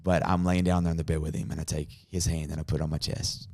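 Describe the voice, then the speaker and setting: A pastor tells a personal story in an earnest, conversational way. His voice sits low, and it drops to a hush when the story turns tender. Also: little pitch movement, fast talker. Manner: earnest storytelling, softening to a hush in emotional moments.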